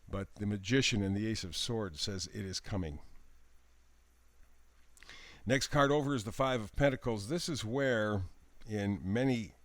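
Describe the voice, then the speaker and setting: A man giving a daily tarot reading in a gentle, encouraging voice. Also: fairly low pitch, dry recording. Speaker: tarot reader.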